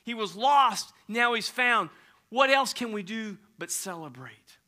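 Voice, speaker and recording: A man's voice: high voice, animated, unhurried, sharp tone, voice pushed up, heavily acted. A man voicing a loving, forgiving older father who speaks tenderly in a sermon story.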